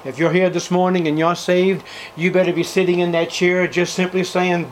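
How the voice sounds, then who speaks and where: An older man preaching a sermon at a church service, fervent, swinging between loud outbursts and hushed passages. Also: sits high, little pitch movement, normal speed, a little hiss or hum, poor audio.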